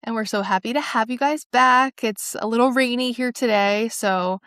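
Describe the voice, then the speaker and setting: A woman's voice: on the high side, moderate pace, a bit bright, smooth, dry recording. Friendly woman co-host, dry voice. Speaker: podcast co-host. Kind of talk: casual chat.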